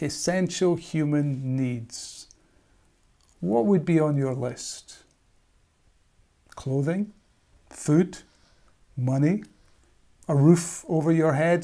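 A man, a minister, reading scripture and preaching a sermon in a measured, reflective way, posing questions to listeners. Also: fairly high pitch, vocal fry, mellow.

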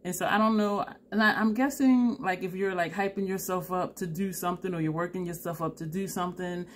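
A woman's voice: fairly low pitch, brisk. Tired lady vlogging, chatty storytelling, laughs a lot, plays both sides of the convo. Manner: chatty, animated, laughs often, acts out both sides of a dialogue. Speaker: beauty vlogger. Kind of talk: casual storytelling to camera.

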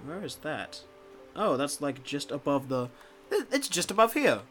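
A young man giving casual let's play commentary, rambling, swearing freely and talking to the screen, muttering quietly and then breaking into loud excited outbursts. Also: on the high side, moderate pace, soft background music. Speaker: gameplay commentator.

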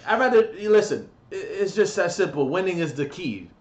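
A man's voice: high-pitched, animated, normal speed. A young man ranting brashly in a comedic gaming vlog from his bedroom, crude and mocking, swearing constantly. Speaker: gaming vlogger.

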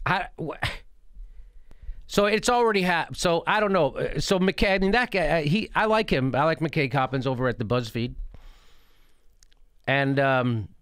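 A middle-aged man hosts a political commentary show and rants with mocking indignation, swearing freely. His voice sits high and leaps up and down. The sound is close and dry. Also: fairly bright tone, no echo. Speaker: host.

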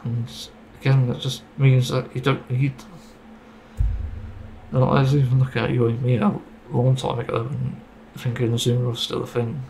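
A man's voice: mid-range voice, completely flat delivery, normal speed, creaky, a little mellow, slight background noise, rough recording. A man giving a casual, rambling opinion monologue about a game, getting frustrated and swearing casually. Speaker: gaming video creator.

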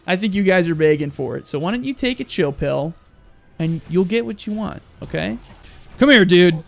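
A young man giving loud, crude, excitable commentary while playing a video game. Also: high-pitched, brisk, vocal fry, soft background music. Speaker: gaming YouTuber. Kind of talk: let's play commentary.

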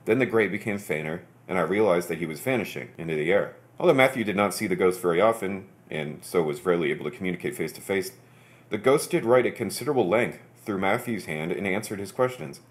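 Low-voiced guy reading articles out on his podcast, calm and even, drops his voice for side comments. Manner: steady, measured reading, dropping low for quick asides. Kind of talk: reading aloud with brief asides.

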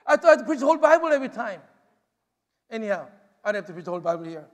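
High-voiced pastor in a reverberant hall. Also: male voice, sing-song, racing. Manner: emphatic, repeats phrases, frequent "you know". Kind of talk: sermon. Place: church sanctuary.

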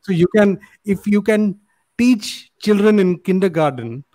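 A man's voice: sits high, lively intonation, a little slow, mellow. A man hosting over a video call, earnest, repeating phrases for emphasis. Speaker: host. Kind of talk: casual chat.

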